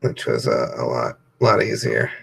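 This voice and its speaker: A comedian talking loosely and profanely while coloring on a stream, with lots of fillers. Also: male voice, extremely low pitch, big pitch swings, unhurried, gravelly, fairly bright tone, slightly rough. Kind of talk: casual rambling chat.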